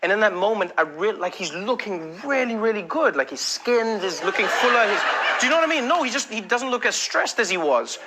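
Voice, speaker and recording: Man, high voice, laughing storyteller, animated, noisy played-back clip. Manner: laughs often, animated, slips into quick impressions. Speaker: comedian in a backstage interview. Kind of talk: casual storytelling.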